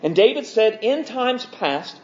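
A man preaching an evening sermon, earnest, stretching key words slowly. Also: extremely high pitch, expressive, a little mellow. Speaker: pastor. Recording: dull lo-fi sermon audio.

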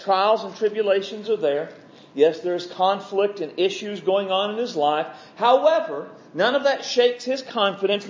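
A man preaching an evening sermon, earnest, stretching key words slowly. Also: high voice. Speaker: pastor. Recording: dull lo-fi sermon audio.

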